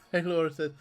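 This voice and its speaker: Slow-talking man reading a text game. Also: fairly high pitch. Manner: laughs often, reads options aloud, amused. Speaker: streamer. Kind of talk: live-streamed text game, reading aloud.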